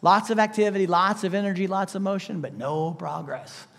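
A man preaching a sermon with an emphatic delivery, full of rhetorical questions, swinging between loud bursts and hushed asides. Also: high voice, a little fast, creaky. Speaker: pastor.

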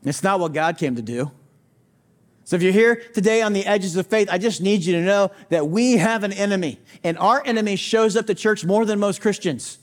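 High-voiced man preaching with emphatic repetition. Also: brisk. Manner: direct address to skeptics, rhetorical questions. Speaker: pastor. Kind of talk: sermon.

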